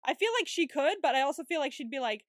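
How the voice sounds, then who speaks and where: A woman's voice: high voice, expressive, fast, no room sound, studio quality. A woman co-hosting a podcast, chatting casually and animatedly about a series, swearing freely and acting out the characters. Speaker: podcast co-host. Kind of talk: casual recap chat.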